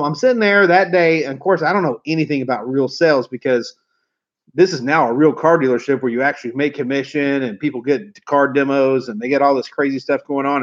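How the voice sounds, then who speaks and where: Man in his forties, folksy, swears freely, mid-pitched, muffled lo-fi audio. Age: 40s. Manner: swearing, folksy, rambling storyteller. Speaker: car sales trainer. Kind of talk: storytelling to camera. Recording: dull lo-fi recording.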